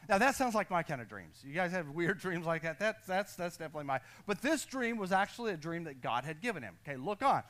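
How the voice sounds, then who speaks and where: An American pastor preaching to his congregation in a church, his voice sitting high for a man. He talks in quick bursts with restless energy, laughs at himself and calls on the listeners to answer back. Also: very animated, fairly bright tone. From United States. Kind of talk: sermon with personal story. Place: church sanctuary.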